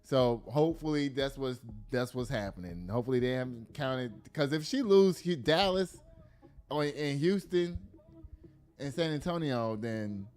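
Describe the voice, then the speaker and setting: A man's voice: mid-range voice, measured pace, smooth. Slangy man riffing on the news. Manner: animated, slangy, reacts aloud while reading. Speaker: news commentary host. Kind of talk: casual news commentary.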